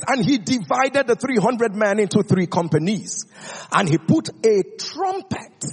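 High, lively preacher in a reverberant hall. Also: male voice, breathy edge. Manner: dramatic, declamatory reading that swings high and low. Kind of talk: sermon with scripture reading.

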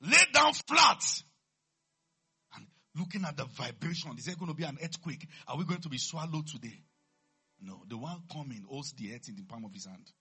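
A man preaching a sermon, reading scripture low and measured, then building to loud, high-pitched shouts. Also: animated, husky, soft background music.

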